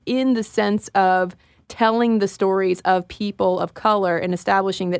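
A woman's voice: medium pitch, fairly even intonation, normal speed, vocal fry, smooth, no echo. Chatty woman co-host, casual podcast delivery, dead-dry studio sound. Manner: chatty, laughs while talking.

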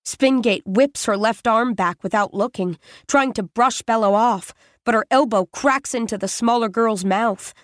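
A woman reading a first-person story aloud in a measured, steady way. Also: fairly high pitch, no room sound, clean studio sound. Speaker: audiobook narrator.

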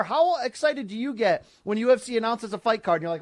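A man's voice: very high voice, brisk, hardly any pauses. A man co-hosting a sports talk show, telling jokey stories and acting out voices. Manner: jokey storyteller, acts out voices. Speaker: podcast co-host. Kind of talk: casual sports chat.

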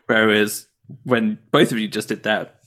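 A man's voice: lowish voice, level tone, a little slow, a bit bright. A man working as an accent coach, patiently explaining sounds step by step in casual talk. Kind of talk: casual teaching chat.

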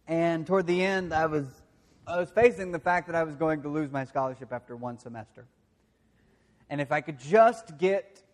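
Preaching with a Southern accent, this pastor from the southern United States has a slightly high voice. He leans on self-deprecating anecdotes that drift into soft, confessional passages.

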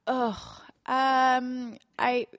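A woman's voice: high-pitched, flat delivery, extremely slow, a bit bright, dry recording, studio quality. A woman in her thirties, a podcast co-host, chatting candidly about parenting and swearing freely. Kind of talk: casual chat.

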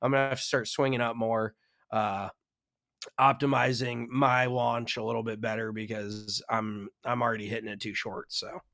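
A man's voice: mid-range voice, flat delivery, moderate pace, creaky, fairly bright tone, dry recording. A man co-hosting a golf podcast, talking frankly and casually, with some swearing and self-mockery. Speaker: podcast co-host.

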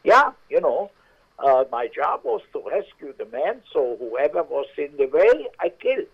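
A man's voice: fairly high pitch, big pitch swings, unhurried, vocal fry, husky, pitched above the performer's own voice, heavily acted. A man voicing a boastful male ex-soldier maitre d' with a put-on foreign accent, heard over a tinny phone line. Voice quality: proud, matter-of-fact bragging.

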